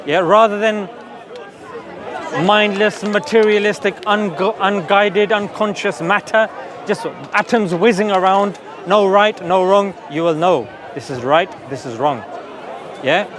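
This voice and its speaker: A man argues his faith in an open-air debate, earnest and persuasive, often checking in with a quick "yeah?". His voice sits high for a man. A crowd murmurs around him outdoors. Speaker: street preacher. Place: outdoor public park.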